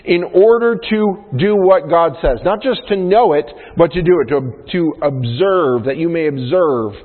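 A man, a pastor preaching a sermon, who rises in pitch and force to stress key points. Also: a little slow. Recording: phone-like sound in a reverberant hall.

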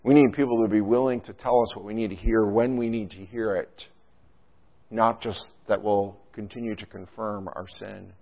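A man's voice: on the low side, fairly even intonation, moderate pace. A man preaching a sermon and tossing in rhetorical questions and a frequent "right?". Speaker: pastor. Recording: tinny phone-like sound.

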